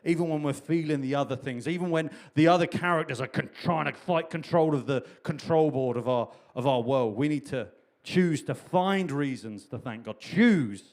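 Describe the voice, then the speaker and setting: A man's voice: medium pitch, a little mellow. A man preaching a sermon in a chatty, humorous way, repeating key phrases for emphasis. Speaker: pastor.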